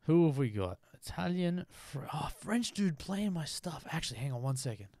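An adult man chatting excitedly to viewers as he wraps up a live game stream, peppering his talk with "like". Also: fairly high pitch, moderate pace. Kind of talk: live-stream casual chat.

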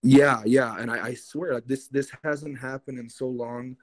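A young man telling a spooky personal story in casual, animated speech, full of swearing and filler words. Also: mid-range voice, unhurried, poor audio. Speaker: guest.

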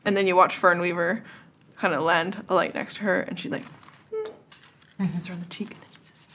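A woman narrating a tabletop game as game master in a casual, animated storytelling manner. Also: fairly low pitch, brisk, long pauses.

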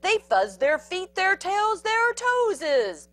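Slow, animated woman reading a picture book. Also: very high voice, soft background music. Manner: animated with sound effects and asides to children. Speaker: children's storyteller. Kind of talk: picture book read-aloud.

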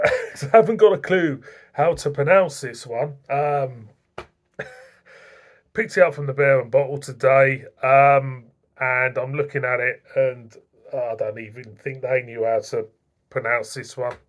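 A man's voice: medium pitch, steady tone, unhurried. A man reviewing beer in a chatty, self-mocking way, stumbling over foreign names. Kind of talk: casual beer review vlog.

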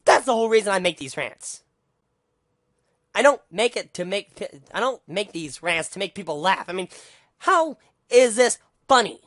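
In a clean, dry studio recording, a man rages into the camera in a vlog monologue, profane and heated, repeatedly tripping over his words and starting again. His high-pitched voice is animated and a bit bright, at normal speed.

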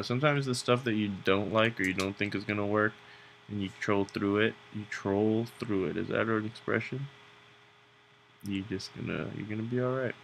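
Young male tutorial host, casual and jokey, with a low-ish gravelly voice. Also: a bit bright, slight background noise. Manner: rambling, joking, self-mocking. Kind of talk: casual narration while drawing.

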